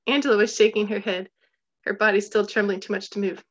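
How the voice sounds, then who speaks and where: A woman reading a storybook aloud as narrator, in a steady, measured way that slows for tense moments. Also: medium pitch, lo-fi sound. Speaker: audiobook narrator.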